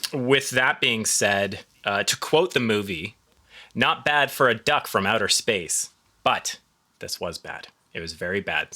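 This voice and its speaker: Blunt podcast man with a bright voice. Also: lowish voice. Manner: blunt verdicts, laughs often. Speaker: podcast co-host playing judge. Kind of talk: casual podcast chat.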